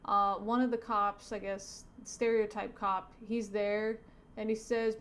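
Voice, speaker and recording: A woman, a teacher by trade, reading a comic aloud in casual commentary, with wry asides and sentences that wander off and trail away softly. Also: on the high side, fairly even intonation, slow. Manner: digressive, self-correcting, trails off softly. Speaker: teacher reviewing a comic on her channel.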